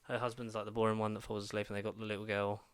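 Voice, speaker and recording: A man's voice: on the low side, level tone, very fast, fairly bright tone, clear, resonant tone, no echo. A man co-hosting a podcast, recapping plots in a rambling way, full of "like" and restarts. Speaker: podcast co-host. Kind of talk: casual chat.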